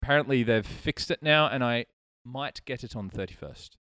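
A man's voice: mid-range voice, moderate pace, pushed and bright, no room sound. A man, co-hosting a gaming podcast in casual chat, rambling through a story and laughing easily. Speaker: podcast co-host. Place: studio. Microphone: podcast mic.

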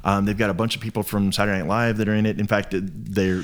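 A man's voice: on the low side, flat delivery, fast talker. A man co-hosting a casual chat, eagerly jumping in to add details. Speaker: podcast co-host.

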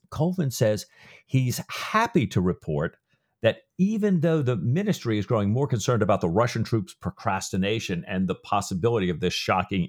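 A man co-hosting a podcast casually retells and discusses a novel's plot, recounting scenes loosely with many "you know" fillers. His voice is on the low side and a little mellow.

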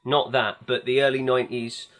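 A man's voice: mid-range voice, level tone, moderate pace, a bit bright. A man hosting a casual film chat, rambling and enthusiastic with anecdotes. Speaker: podcast host.

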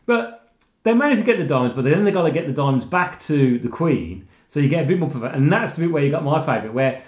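A man's voice: on the high side, quick pace, reverberant. A man chatting casually about a film and acting out its scenes. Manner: animated, acts out scenes with laughing.

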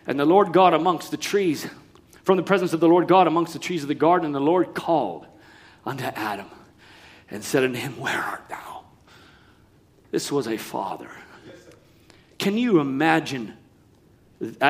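A man with a high-pitched voice preaching a sermon. He is emphatic, rising to loud declarations and dropping to quiet asides.

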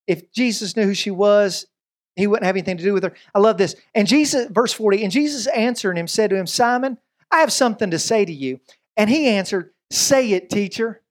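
With a high-sitting voice, this man preaches as a pastor, keeping things animated and conversational while slipping in fast asides and acted-out quotes.

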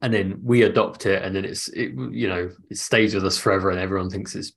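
A man co-hosting a theme park podcast, talking in rambling, halting sentences. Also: sits low, steady tone. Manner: rambling, halting, restarts a lot. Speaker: podcast co-host. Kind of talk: casual podcast chat.

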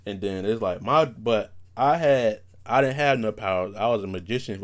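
A man hosting a podcast on his own, telling rambling stories in casual slang, his voice not yet warmed up from waking. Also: medium pitch, moderate pace, hardly any pauses. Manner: rambling, animated storytelling with slang and restarts. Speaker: podcast host. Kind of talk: casual solo podcast monologue.

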